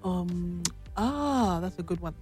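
A woman's voice: fairly low pitch, animated, darkish tone, husky, faint music behind. A woman co-hosting a radio call-in show, chatting playfully and teasing callers. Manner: playful, teasing, drawn-out laughs. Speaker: radio co-host. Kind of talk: casual radio call-in chat.

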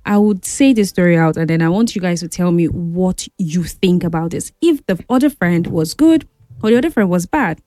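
A young woman telling a story in a chatty, animated, dramatic way. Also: lowish voice, moderate pace, no room sound, studio quality. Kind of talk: casual storytelling to camera.

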